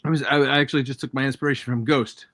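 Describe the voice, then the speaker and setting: A man's voice: mid-range voice, little pitch movement, very fast, a bit bright, no echo. A man co-hosting a casual livestream chat, easygoing and joking.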